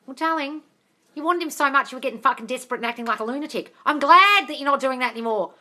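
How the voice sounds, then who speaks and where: A woman's voice: fairly high pitch, fast talker. A woman coach answering live-stream comments, blunt and sweary, calling viewers darling. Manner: bursts into loud excited cheers.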